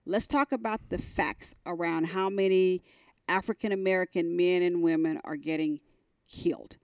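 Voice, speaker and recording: A middle-aged woman, a team executive on a podcast, telling a personal story in a candid, emphatic way, her voice climbing high as she retells moments. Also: steady tone, moderate pace, clear, resonant tone, no echo, studio quality.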